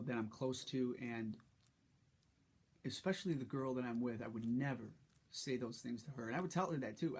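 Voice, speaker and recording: A man telling a personal story in a vlog, halting and frustrated, with many restarts. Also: mid-range voice, a little mellow, a little hiss or hum. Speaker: vlogger.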